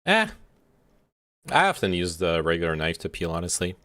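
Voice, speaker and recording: Reacting to a video on a livestream, a man eats while he chats, laughing and swearing freely in a casual way. His low, somewhat bright voice swings hugely in pitch at a moderate pace.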